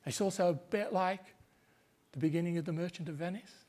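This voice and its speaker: A man, a Shakespeare scholar, lecturing and half-acting the lines he explains in an animated way. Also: on the high side, normal speed. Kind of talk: lecture talk.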